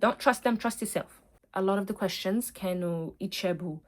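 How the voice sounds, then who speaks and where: A woman's voice: medium pitch, racing. A young woman from Algeria chatting casually, answering viewer questions with blunt, frank advice and switching between English and Arabic.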